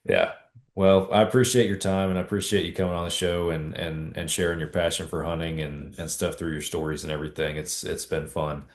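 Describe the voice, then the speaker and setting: Deep-voiced podcast host, echoey. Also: male voice, a little fast. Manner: relaxed, repeats words, many restarts. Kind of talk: casual interview chat. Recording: echoey room.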